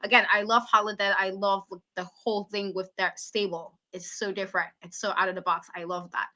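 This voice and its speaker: A woman's voice: medium pitch, flat delivery, brisk, sharp tone. A woman on a wrestling aftershow panel, talking casually and animatedly, acting out her own reactions. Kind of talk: casual chat.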